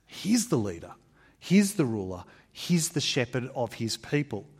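A man's voice: a little slow, slightly rough. A man preaching a sermon in an emphatic, conversational way, with fillers and restarts. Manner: expressive, emphatic preaching with varied pitch. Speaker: pastor.

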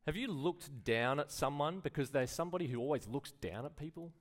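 A man's voice: fairly high pitch, animated, brisk. A man preaching a sermon in a conversational way, full of rhetorical questions and acted-out quotes. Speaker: pastor.

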